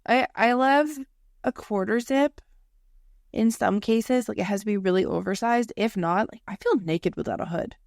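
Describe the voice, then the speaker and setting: A woman's voice: medium pitch, moderate pace, creaky, a little mellow, no room sound, clean studio sound. A young woman co-hosting a casual podcast, telling stories in a chatty way, swearing, laughing and acting out what people said. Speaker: podcast co-host. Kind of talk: casual chat.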